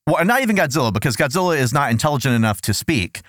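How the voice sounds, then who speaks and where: Animated sarcastic man riffing. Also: mid-range voice, racing, no room sound, clean studio sound. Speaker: podcast host. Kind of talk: casual comedic chat.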